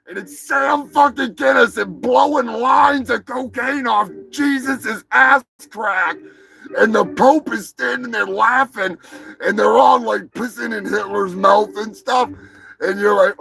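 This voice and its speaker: A man's voice: sits high, a little slow, vocal fry, crowd noise, rough recording. A man hosting a live show, rambling through profane, joking rants. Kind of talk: rambling live-stream monologue.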